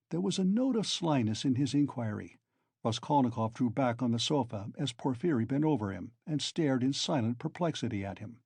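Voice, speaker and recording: A man reading an audiobook narration in a measured storytelling manner, close to the mic. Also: mid-range voice, warm tone, slightly rough, dry recording. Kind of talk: scripted narration.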